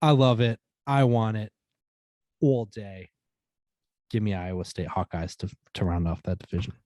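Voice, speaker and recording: A man co-hosting a casual podcast chat, easygoing, reading out long lists of teams at a steady clip. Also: fairly low pitch, moderate pace, no echo. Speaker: podcast co-host.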